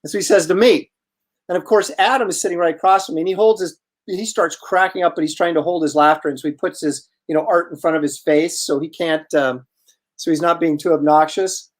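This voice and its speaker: A man hosting a livestream, telling a casual anecdote in a lively way with halting restarts. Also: fairly high pitch. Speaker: host.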